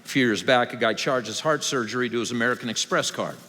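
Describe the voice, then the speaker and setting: A man's voice: medium pitch, fast talker, pushed and bright, a little hiss or hum. A male pastor giving a sermon, conversational and wry, building to raised, emphatic passages. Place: large church hall. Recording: long hall reverb.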